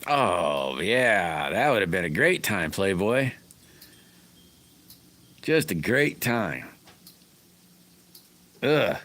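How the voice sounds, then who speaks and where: A middle-aged man hosts a casual livestream. His voice sits very low. He rambles in a folksy way and greets his viewers by name. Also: big pitch swings, drawn-out words, pauses often, bright, forceful tone. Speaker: livestream host chatting with viewers.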